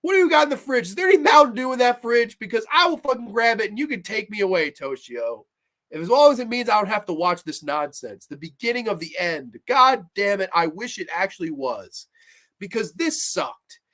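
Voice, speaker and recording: A woman's voice: mid-range voice, sing-song, a little fast, a bit bright. A woman hosting a horror film review show, ranting with exasperated sarcasm and heavy swearing.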